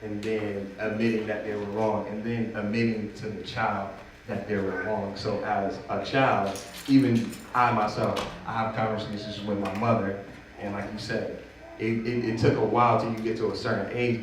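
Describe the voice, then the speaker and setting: A man's voice: on the low side, level tone, normal speed. A man leading a church bible study discussion, reflective and conversational, drawing on his own experience. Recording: echoey room from far off, noisy.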